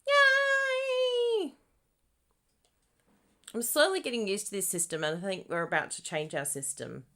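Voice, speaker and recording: Live-streaming a papercraft tutorial, a woman with a lowish, sing-song, slightly bright voice talks fast and casually to viewers. She's bubbly and giggly, often bursting into squealed exclamations.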